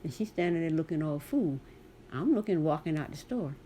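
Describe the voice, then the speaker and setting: A woman's voice: deep voice, expressive, fairly quick, warm tone, a little hiss or hum. A middle-aged woman, telling a story to camera in a blunt, sassy way. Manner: sassy, blunt, talks straight to viewer. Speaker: vlogger.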